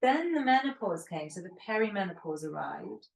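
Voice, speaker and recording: A woman's voice: mid-range voice, very animated, moderate pace, creaky. A woman in her fifties co-hosting a podcast, chatting candidly and telling long rambling stories. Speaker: podcast co-host. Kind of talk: casual chat. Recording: roomy echo, distant from the mic.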